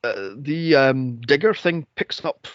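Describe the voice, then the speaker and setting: On a podcast, a male co-host recaps a film in exasperated casual chat, swearing and laughing frequently. His mid-range voice moves at a slow pace with no echo. The dull lo-fi podcast mic gives the sound a muffled quality.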